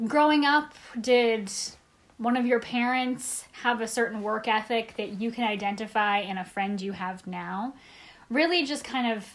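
A woman's voice: on the high side, unhurried. A woman co-hosting a podcast in casual chat, giving encouraging advice and laughing easily. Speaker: podcast co-host.

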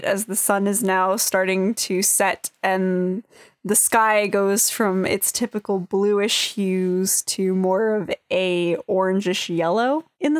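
A woman's voice: mid-range voice, no room sound, clean studio sound. Young woman running a tabletop game. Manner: casual, easygoing, uses fillers like "like". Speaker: dungeon master.

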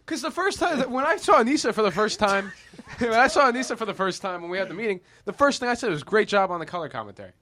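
A man's voice: high voice, lively intonation, fast talker, sharp tone. A young man on a radio show, defensive and stammering as he trades jokes with co-hosts. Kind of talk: casual sports radio banter.

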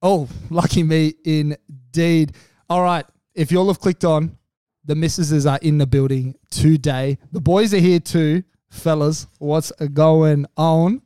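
Male podcast host, fairly high voice, dry close sound, teasing, swears freely. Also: steady tone, slow, warm tone, smooth, dry recording. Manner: swears a lot, teasing, lots of repeats. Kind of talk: casual banter.

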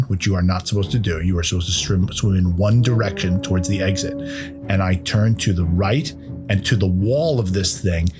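A man on a podcast telling a rambling, self-deprecating story, full of cursing and restarts. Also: sits low. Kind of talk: casual comedic storytelling.

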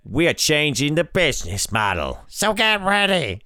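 A man voicing a menacing alien-possessed woman gang boss in a creepy, husky, demonic voice, in a comedy podcast. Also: on the high side, sing-song, moderate pace, bright, forceful tone, no echo, pitched above the performer's own voice.

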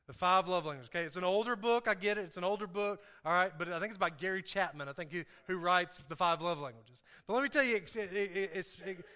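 A man's voice: sits high, smooth. A man giving a casual, joking sermon, often repeating himself and asking the congregation questions. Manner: animated, joking, repeats words and asks the crowd questions. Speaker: preacher. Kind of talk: conversational sermon. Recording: reverberant hall.

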